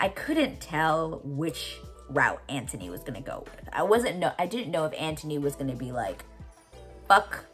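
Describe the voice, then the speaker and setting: A woman's voice: low voice, breathy edge. A young woman recapping a TV episode in a casual, gushing way, swearing freely and saying "like" a lot. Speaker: TV reaction vlogger.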